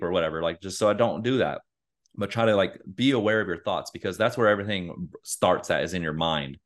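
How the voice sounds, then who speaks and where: A man's voice: low-pitched, a little fast. A man co-hosting a podcast, talking in a loose, rambling casual way with lots of fillers. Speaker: podcast co-host. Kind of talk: casual chat.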